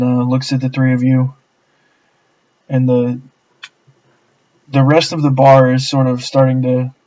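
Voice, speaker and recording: A man narrates as game master at a slow, unhurried pace. His tone stays flat, full of ums and uhs. The sound is dull and lo-fi. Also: mid-range voice. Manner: relaxed, filler-heavy narration.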